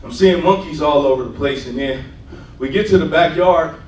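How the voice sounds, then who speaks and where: A man's voice: fairly high pitch, moderate pace, roomy sound, far from the mic, a little hiss or hum, low-quality recording. A man preaching a sermon and telling his testimony, with conversational asides, often checking in with "right?". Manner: call-and-response asides, repeats "right?". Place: church sanctuary.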